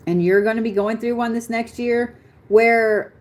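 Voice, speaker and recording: A woman's voice: fairly high pitch, fairly even intonation, a little slow. A young adult woman doing a live astrology reading, talking bluntly, swearing and laughing often as she speaks. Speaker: astrology reader. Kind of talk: live-stream chart reading.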